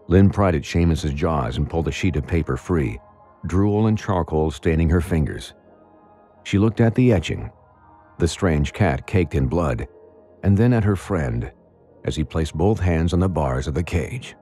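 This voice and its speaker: Male narrator, very deep voice, lively pitch, dark husky tone, faint music under. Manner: dramatic, measured storytelling. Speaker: audiobook narrator. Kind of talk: scripted narration.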